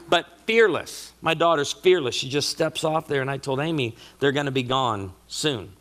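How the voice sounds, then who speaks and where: A man's voice: mid-range voice, moderate pace, few pauses, a little hiss or hum. A middle-aged man giving a humorous sermon-style talk at a marriage conference, telling family stories with comic asides. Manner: animated storyteller with comic asides.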